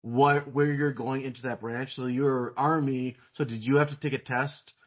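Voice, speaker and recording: A man hosting an interview podcast, asking curious questions in a casual way with quick bursts of speech. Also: steady tone. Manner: curious, asks with rising pitch and quick bursts. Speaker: podcast host, therapist. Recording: dull lo-fi audio.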